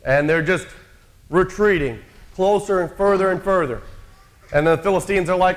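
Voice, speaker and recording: Man preaching, fairly high voice. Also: moderate pace. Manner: storytelling with acted-out quotes, conversational. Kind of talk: sermon.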